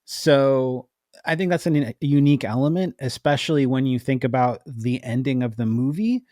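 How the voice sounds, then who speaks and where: A man's voice: mid-range voice, normal speed, mellow, no room sound, studio quality. A man appearing as a podcast guest, talking through a film review in a chatty, emphatic way with side notes. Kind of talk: casual film review chat.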